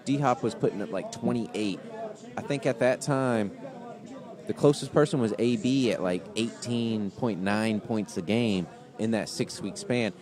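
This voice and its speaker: A man's voice: lowish voice, measured pace. A man co-hosting a fantasy football show live from a sports bar, talking casually and reeling off stats. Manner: easygoing, stat-heavy, laughs often. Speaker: fantasy football podcast co-host. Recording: live stream with loud bar crowd. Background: bar crowd chatter.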